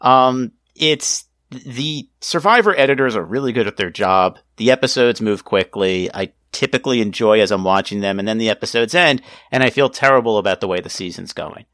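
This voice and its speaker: A man hosting a casual podcast, joking and laughing easily, his voice jumping up in pitch when he jokes. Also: a little fast, hardly any pauses, fairly bright tone, no room sound, studio quality. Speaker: podcast host.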